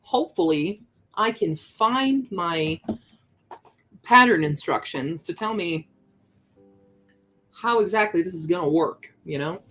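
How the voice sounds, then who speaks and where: A woman's voice: lowish voice, expressive, slow pace, pauses often, a bit bright, faint music behind, rough recording. A young woman chatting casually with her stream viewers while she works on a craft project, reading chat aloud as she goes.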